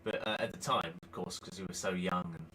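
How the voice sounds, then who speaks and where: A man's voice: deep voice, fairly even intonation, brisk, pushed and bright, a little hiss or hum, low-quality recording. A middle-aged man, co-hosting a casual Q&A chat in a teasing, joking manner. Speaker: co-host of a dance channel Q&A.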